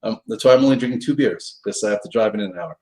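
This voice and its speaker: A man's voice: fairly low pitch, fast, a little mellow. A middle-aged man, a pro trader, casually telling a story on a live stream, acting out quoted dialogue with big jumps in his voice.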